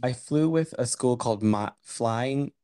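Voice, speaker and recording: A man's voice: medium pitch, a little slow, warm tone. A man hosting a podcast in casual chat, playful and joking, often trailing off mid-sentence. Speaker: podcast host.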